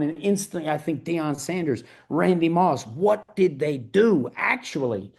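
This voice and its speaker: A man's voice: fairly high pitch, animated, measured pace, creaky, darkish tone. A middle-aged man as an interview guest, talking in a fired-up, emphatic and profane way. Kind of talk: podcast interview.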